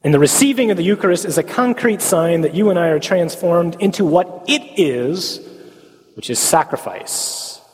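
A man's voice: fairly high pitch, lively intonation, normal speed. Man teaching in a reverberant church hall. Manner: asks the audience rhetorical questions, tags lines with "huh?"; folksy humorous asides. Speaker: speaker at a parish talk on the Mass. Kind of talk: conversational teaching talk.

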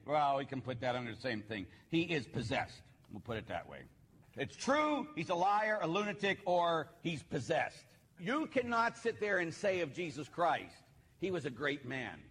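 A man's voice: a little high, very animated, normal speed, a bit bright, in a large hall, a little hiss or hum. A man preaching a sermon, emphatic, who repeats his points for stress.

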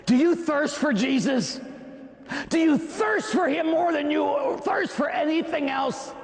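A man preaching an impassioned sermon, often shouting, with dramatic pauses. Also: very high-pitched, vocal fry, big-room sound.

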